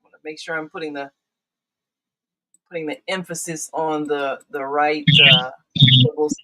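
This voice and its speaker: A woman's voice: low voice, fairly even intonation, normal speed, low-quality recording. Chatty older woman hosting a call-in show. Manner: warm, chatty, with frequent fillers and restarts. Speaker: show host.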